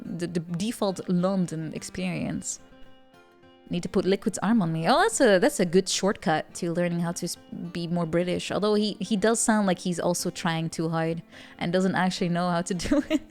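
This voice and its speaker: A woman's voice: lowish voice, moderate pace, a little mellow, soft background music. Giggly woman streamer chatting. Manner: giggly, laughs often between remarks. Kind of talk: casual chat with live viewers.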